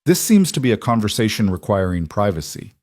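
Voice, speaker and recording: A firm, loving frontier rancher father as a man acts him out, measured and steady in a narrated western. The voice is low and the recording dry and close. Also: dry recording.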